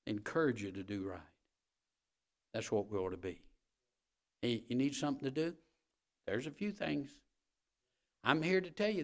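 A man preaching a Wednesday night sermon with passion, rising and falling in force, repeating phrases and stumbling on repeated starts. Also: medium pitch. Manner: impassioned preaching that rises and falls, with repeated phrases. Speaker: pastor.

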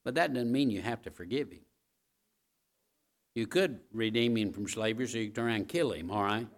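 A man preaching a sermon, addressing the congregation directly, repeating key phrases and building to loud, emphatic peaks. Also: fairly low pitch, fairly quick. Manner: talks straight to the congregation with asides like "all right?".

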